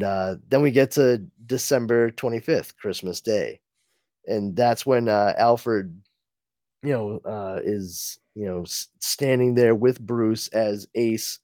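A man's voice: on the low side, darkish tone, no echo, studio quality. A man co-hosting a podcast, recapping a comic book in a casual, laughing way with many fillers. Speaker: podcast co-host.

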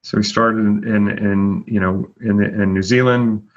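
A man's voice: fairly low pitch, fairly even intonation, a little slow. A man hosting a casual chat, chatty and full of fillers as he announces rankings. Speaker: host. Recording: dull lo-fi audio.

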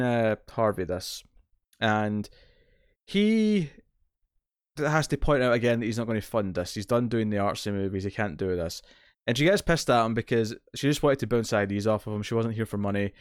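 A man's voice: medium pitch, animated, moderate pace, clear, resonant tone, no echo, studio quality. A man co-hosting a podcast, recapping a TV episode in casual chat, full of restarts and fillers. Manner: rambling, many restarts and fillers. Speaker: podcast co-host.

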